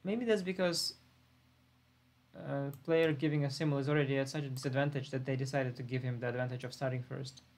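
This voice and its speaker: A man's voice: medium pitch, fairly even intonation, fairly quick, darkish tone. A laid-back man thinking aloud as he plays an online chess simul on a live stream. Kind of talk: live-stream commentary while playing.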